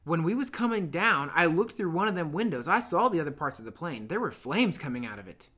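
A man's voice: fairly high pitch, big pitch swings, fairly quick, pushed and bright, full character voice. A man voicing a fat, asthmatic schoolboy with glasses, earnest and chatty, using plain working-class grammar, in a classroom read-aloud. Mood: eager.

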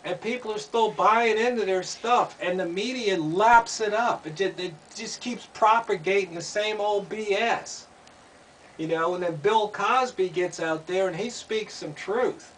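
Here a man with a high, somewhat bright voice comments at a measured pace, posing sharp rhetorical questions and repeating his points. Faint noise sits behind the distant-mic recording.

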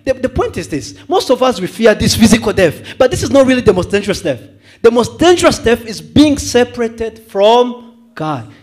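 A man's voice: very high voice, sing-song, moderate pace, a little mellow. A male evangelist preaching a sermon to a church, asking the congregation questions and repeating words as he thinks.

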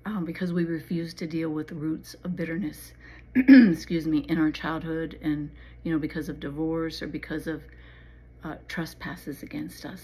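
A middle-aged woman hosting a Christian channel, giving an earnest, pleading devotional talk that sometimes drops to a soft whisper. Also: low voice, fairly even intonation, normal speed, slight background noise, poor audio. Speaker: Christian channel host and author. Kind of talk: devotional talk and poem reading.

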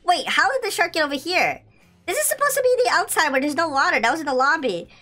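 A young woman giving excitable, giggly commentary while playing a video game. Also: very high voice, fast, soft background music. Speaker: gaming channel host.

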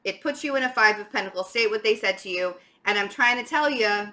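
A woman's voice: medium pitch, brisk, bright, forceful tone. A young adult woman giving a casual tarot reading to camera, chatty, frank and emphatic. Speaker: tarot reader.

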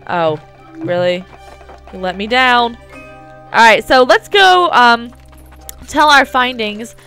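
A woman's voice: a little high, slow, clean tone, soft background music. A young woman chatting casually with lots of fillers as she plays a video game. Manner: chatty, filler-heavy, excitable. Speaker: let's play host. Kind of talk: casual gameplay commentary.

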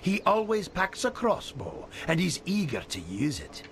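An actor playing a jittery villager who speaks in a shrill, urgent way in a video game. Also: male voice, wildly swooping pitch, a little slow, vocal fry, noisy background, full character voice. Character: jittery male villager giving a warning.

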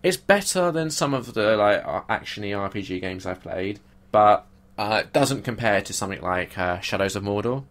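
A man's voice: on the low side, lively intonation, moderate pace, a bit bright. A young man co-hosting a podcast, chatting casually and complaining animatedly, swearing freely. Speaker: podcast co-host. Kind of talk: casual chat.

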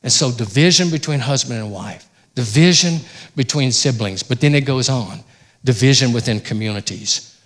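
A man preaching a sermon in a church, rising loud on key points and dropping low and quiet. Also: normal speed. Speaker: pastor.

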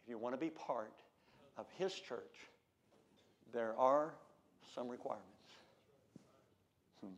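An American man preaching a sermon, swinging between loud shouted declarations and low, quiet asides. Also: slow, long pauses, muffled recording.

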